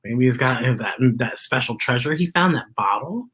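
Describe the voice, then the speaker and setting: A woman's voice: extremely low pitch, expressive, normal speed, fairly bright tone. A woman reading a picture book aloud to children, with chatty asides about the illustrations. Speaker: children's story reader.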